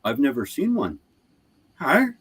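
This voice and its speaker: A man's voice: mid-range voice, fairly quick. A Canadian man hosting a live stream, rambling casually about car repairs, with many restarts. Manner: rambling, restarts, laughs often.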